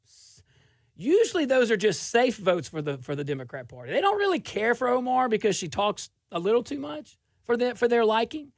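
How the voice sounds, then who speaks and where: A middle-aged man from South Louisiana hosting a political talk show, delivering a sarcastic, animated monologue with frequent laughs. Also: very high voice, a little fast, creaky, no room sound, clean studio sound.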